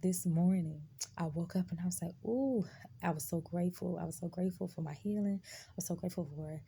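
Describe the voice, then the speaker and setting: A woman's voice: on the low side, fairly even intonation, fast, creaky, mellow, a little hiss or hum. A woman hosting a live stream, sharing her faith testimony in a casual, emphatic way and talking straight to her viewers. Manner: emphatic, conversational, addresses viewers directly.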